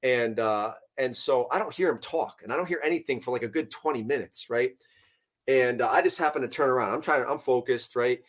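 A man casually telling a fishing story, animated and profane, laughing as he goes. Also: mid-range voice, a little fast.

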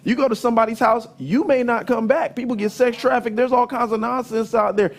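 A middle-aged man with a high voice preaches a sermon, weaving in lively stories from family life. He leans hard on key words and at times raises his voice to a shout. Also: brisk. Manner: lively storytelling, emphatic, sometimes shouting.

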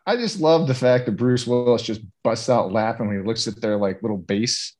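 A man's voice: medium pitch, moderate pace, darkish tone. A man co-hosting a casual movie-review podcast, ranting in a profane, exasperated way. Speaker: podcast co-host.

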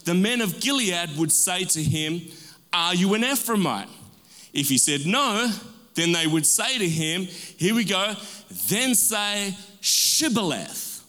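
In a church sanctuary with the long reverb of a large hall, a pastor with a high, sharp, lively voice preaches a sermon. He calls for amens in call-and-response style and draws out key words for emphasis.

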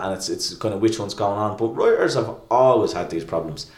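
A man's voice: mid-range voice, very animated, brisk, hardly any pauses. A man chatting casually, rambling with lots of restarts and fillers. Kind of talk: casual chat. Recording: echoey room.

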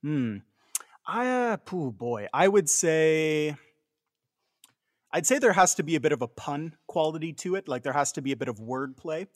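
A Canadian man with a slightly higher voice, talking loosely and laughing often in a relaxed chat. The sound is dry and close, with no room around it. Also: normal speed, dry recording. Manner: laughs easily, chatty and rambling. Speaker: podcast co-host. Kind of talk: casual chat.

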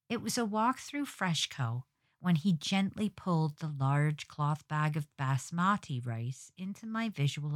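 A woman with a low, deep-set voice and a British accent talks through her own solo podcast. Her delivery is wry and reflective, with the even flow of a prepared script. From Britain. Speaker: podcast host.

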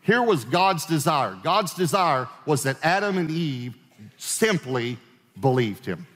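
A man's voice: fairly high pitch, big pitch swings, slow, a bit bright, big-room sound. A male pastor preaching a sermon in a conversational way, asking his congregation questions as he goes.

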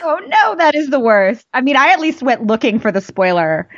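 A woman telling stories in casual fan chat, animated and emphatic, her voice jumping up for emphasis. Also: fairly high pitch, fairly quick, no room sound. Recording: dull lo-fi dry mic.

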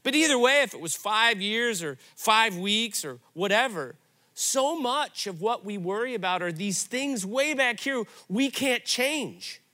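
A middle-aged man pastor giving a sermon, telling stories in an animated, conversational way. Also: high-pitched, measured pace.

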